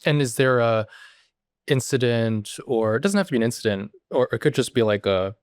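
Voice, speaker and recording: A male podcast host asking questions in a casual interview, softly and trailing off as he goes. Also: medium pitch, animated, normal speed, smooth, no room sound, studio quality.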